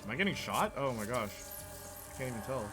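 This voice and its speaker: Young guy rambling over his gameplay, laughs a lot, normal pitch. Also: big pitch swings, quick pace, over music. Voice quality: chatty, laughs a lot, trails off mid-thought. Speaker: gameplay commentator. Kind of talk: casual let's-play chat.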